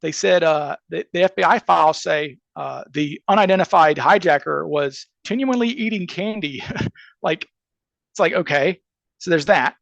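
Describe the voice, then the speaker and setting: A man's voice: fairly high pitch, normal speed, creaky, fairly bright tone, dry recording, highs cut off. A man with a Southern accent, a criminal defense attorney on a podcast interview, laying out a case emphatically and checking in with "okay?" and "right?" as he goes.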